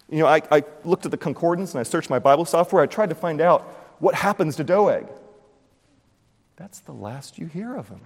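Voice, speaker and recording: A man preaching a sermon, retelling a scripture story with animated storytelling, acting out the scenes and cracking puns. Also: fairly high pitch, fairly quick. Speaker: pastor. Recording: long hall reverb.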